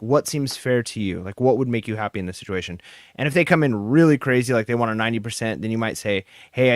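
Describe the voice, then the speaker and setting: Quick-talking guy on a podcast, joking around, dry close mic. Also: medium pitch, no room sound. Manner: quick, joking, advice-giving. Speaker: podcast co-host. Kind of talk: casual podcast chat.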